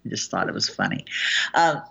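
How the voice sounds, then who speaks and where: A woman hosting a casual talk show, chatty and animated, laughing often between points. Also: a bass voice, brisk, vocal fry, breathy edge. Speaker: host. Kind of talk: casual chat. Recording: dull lo-fi sound.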